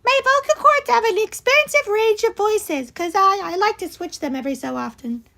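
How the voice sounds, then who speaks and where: A man putting on a squeaky high version of his own voice, bragging about his vocal range. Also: moderate pace, vocal fry, pushed and bright, exaggerated voice. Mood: boastful.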